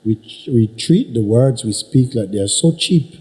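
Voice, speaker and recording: A man teaching at a spiritual gathering, unhurried and emphatic, probing his listener with repeated questions. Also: medium pitch, lively intonation, mellow, rough recording. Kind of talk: satsang teaching talk. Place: teaching hall with an audience.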